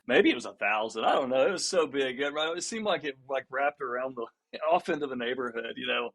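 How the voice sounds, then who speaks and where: A man chatting as a guest on a podcast, telling a story in a loose, lively way. He laughs now and then, doubles back on his words, and acts out what other people said. His voice sits at a middle pitch. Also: a little fast. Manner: laughs often and restarts sentences. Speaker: guest musician. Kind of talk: casual storytelling in a podcast interview.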